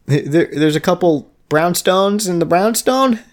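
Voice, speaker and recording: A man's voice: high voice, lively intonation, measured pace. Bearded man bantering dryly. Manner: dry, jokey banter. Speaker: podcast co-host. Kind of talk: casual chat.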